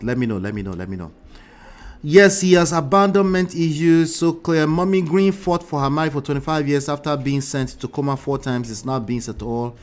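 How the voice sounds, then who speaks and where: A man hosting a live reaction show, talking animatedly to his chat, often mocking and laughing. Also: mid-range voice.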